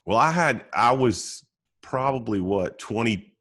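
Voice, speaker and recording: A man's voice: mid-range voice, lively intonation, measured pace, a bit bright. An older man, an attorney co-hosting a podcast, telling rambling stories bluntly and laughing often in casual conversation.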